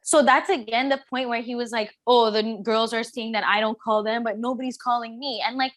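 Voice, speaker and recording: A woman's voice: on the high side, steady tone, fairly quick, fairly bright tone, no room sound. A woman guest on a podcast in casual chat, giving her opinions emphatically and restarting her sentences now and then.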